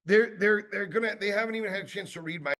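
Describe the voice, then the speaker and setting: A man giving a casual sales training talk, acting out quick exchanges with customers and tossing in lots of fillers and asides. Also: high voice. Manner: animated, acts out customer exchanges; conversational with many fillers and asides.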